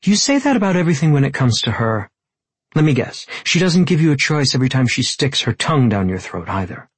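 A man voicing a jealous, sharp-tongued young woman who talks in a heated, accusing way. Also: mid-range voice, unhurried, gravelly, slightly rough, no room sound, voice pushed up, exaggerated voice. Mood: jealous, angry.

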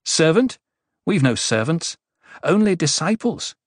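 A fierce, quick-tempered young noblewoman, as a male narrator puts her on, with a raised, sharp voice that commands and scorns. The recording is dry and close, with no room sound. It is audiobook character work. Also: a little high, big pitch swings, breathy edge, dry recording, pitched above the performer's own voice, exaggerated voice. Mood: scornful.

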